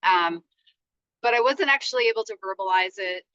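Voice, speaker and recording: A woman's voice: medium pitch, bright, forceful tone, dry recording, dull audio. Woman talking in a parked car. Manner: rambling, halting, with many restarts and fillers. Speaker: podcast host. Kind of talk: casual solo podcast monologue.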